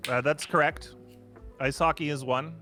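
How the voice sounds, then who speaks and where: A man's voice: on the high side, moderate pace, faint music behind. A man co-hosting a podcast, chatting casually and joking while sharing trivia. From Canada. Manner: chatty, jokey, lively. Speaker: podcast co-host.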